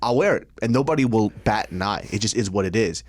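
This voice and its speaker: A man's voice: lowish voice, expressive, quick pace, dry recording, clean studio sound. A man co-hosting a podcast, laughing often, swearing and telling stories in casual banter. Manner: laughing, profane, storytelling. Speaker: podcast co-host.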